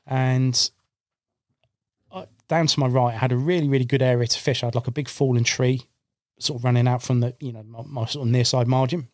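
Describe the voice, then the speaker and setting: A man, a podcast guest and angler, telling a long fishing story in a casual, animated way and voicing his own past remarks, recorded on a studio microphone. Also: mid-range voice, a little fast, dry recording.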